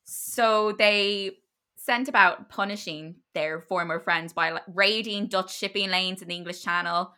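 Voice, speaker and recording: A woman's voice: mid-range voice, a little slow, sharp tone. A woman casually retelling a history story to her podcast co-host, chatty and loose, with many fillers and restarts.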